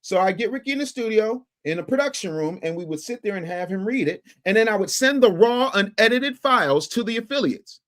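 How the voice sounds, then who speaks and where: A man hosting a casual livestream talk, animated and emphatic, who repeats words and stutters at times. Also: high voice, fairly quick, few pauses. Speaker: host.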